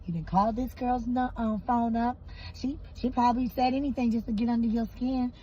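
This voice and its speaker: A woman voicing her worried mother-in-law who urges her to slow down, in an urgent, soothing way. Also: fairly high pitch, steady tone, warm tone, muffled recording, a little hiss or hum, lightly acted. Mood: urging.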